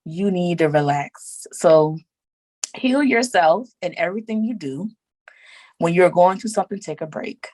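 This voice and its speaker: Woman podcast guest, lower register, animated, emphatic, dry recording. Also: unhurried, no echo, poor audio. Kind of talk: casual chat.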